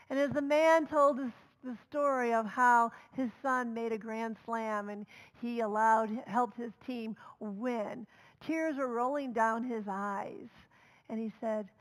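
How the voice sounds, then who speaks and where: A woman minister giving a storytelling sermon, conversational, moving between loud calls and soft near-whispers. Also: fairly high pitch, fairly even intonation, unhurried, low-quality recording. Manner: conversational, with fillers and asides.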